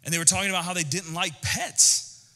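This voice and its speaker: A man preaching a sermon as pastor, animated and conversational, with jokes. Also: high voice, fairly quick, long reverb tail. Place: church auditorium.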